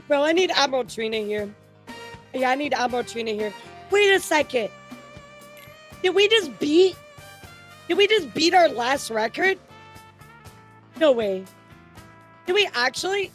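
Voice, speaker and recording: A young woman streaming live, excitedly thanking viewers, laughing often and swearing. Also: sits high, measured pace, long pauses, faint music behind.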